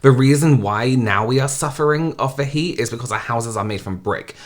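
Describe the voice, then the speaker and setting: A man's voice: mid-range voice, brisk. Rambling Hampshire-accented young man. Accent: southern English, Hampshire. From England. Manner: rambling, many fillers and restarts, laughs often. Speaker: reaction video host. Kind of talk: casual reaction commentary.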